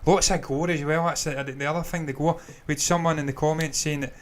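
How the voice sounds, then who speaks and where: Fast, swearing man. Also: fairly high pitch, fairly even intonation. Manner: swears freely, laughs often, rambling. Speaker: podcast co-host. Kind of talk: casual film review chat.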